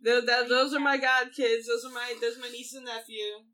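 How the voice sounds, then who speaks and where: A woman's voice: fairly high pitch, level tone, a little fast, bright, forceful tone. A young married woman in casual chat among friends, easygoing and explaining things, laughing often.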